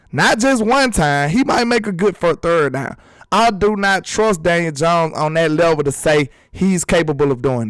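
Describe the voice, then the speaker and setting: Animated man hosting sports talk. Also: high voice, no room sound. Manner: animated, emphatic, rhetorical questions. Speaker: sports channel host. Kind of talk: casual sports talk vlog.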